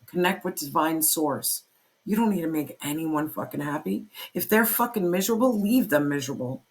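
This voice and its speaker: An intense tarot reader talks straight to the listener in a fiery pep-talk, hammering points home with repeated phrases and plenty of swearing. The pitch sits in a middle range, neither high nor low. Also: expressive, moderate pace. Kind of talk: spoken tarot reading to camera.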